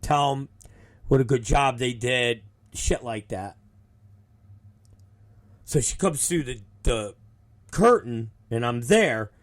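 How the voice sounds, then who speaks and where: Animated, profane male show host. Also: mid-range voice, takes it slowly, pauses often. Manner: animated, profane, acts out the people in his stories. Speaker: show host, wrestling promoter. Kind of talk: casual storytelling.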